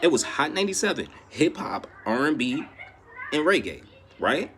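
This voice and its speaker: A man's voice: on the high side, very animated, moderate pace, fairly bright tone. Fired-up New York man ranting. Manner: exasperated, emphatic, profane. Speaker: reaction commentator. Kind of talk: casual reaction rant.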